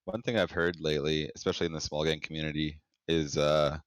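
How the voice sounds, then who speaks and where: A very deep-voiced man putting questions to a panel. He speaks with hesitant fillers, and his voice is recorded dry and close. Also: fairly even intonation, fast talker, smooth, no room sound. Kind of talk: casual panel discussion.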